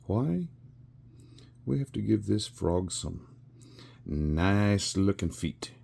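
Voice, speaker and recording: A man's voice: fairly low pitch, animated, takes it slowly, creaky, dark tone, slightly rough. A man in his sixties telling a rambling story with chuckles and fillers while he works on a craft. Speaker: resin crafter.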